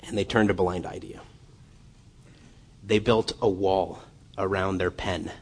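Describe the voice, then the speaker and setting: A man preaching a sermon as a guest speaker, passionate and building from quiet to fervent, often repeating and restarting his words. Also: low-pitched, fairly even intonation, unhurried, breathy edge.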